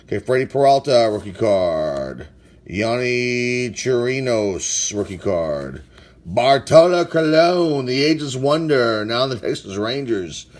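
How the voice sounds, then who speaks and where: A man's voice: mid-range voice, very animated, measured pace. A man opening packs of baseball cards, casually reading out player names and sometimes stumbling over hard ones. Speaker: sports card collector opening packs. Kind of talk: casual card-break commentary.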